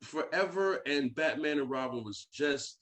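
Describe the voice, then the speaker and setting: A man's voice: a little high, lively intonation, measured pace, a bit bright. A man chatting casually as a podcast guest, joking and acting out little voices in his stories. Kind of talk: casual chat.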